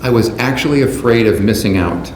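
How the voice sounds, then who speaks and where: A man delivering a prepared, measured keynote speech to a conference audience in a large hall. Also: fairly low pitch, lively intonation, a little mellow. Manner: measured, deliberate delivery from a script. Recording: roomy hall sound with faint background noise.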